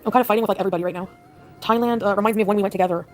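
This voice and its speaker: A woman's voice: medium pitch, steady tone, racing, faint music behind. A woman talking in a casual live chat, upset and rambling with lots of "like"s. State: distressed. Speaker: livestreamer.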